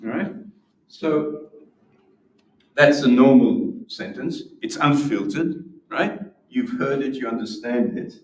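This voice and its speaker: Picked up from far off in an echoing room with slight background noise, a male symposium presenter lectures slowly in a medium-pitched voice. He demonstrates as he goes, explaining patiently and frequently restarting his phrases.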